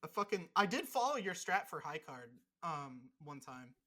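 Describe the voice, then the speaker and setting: A man's voice: fairly high pitch, sing-song, moderate pace, bright, forceful tone. Swearing, mock-angry male podcast co-host. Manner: profane, mock-angry ranting. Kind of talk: casual podcast banter while gaming.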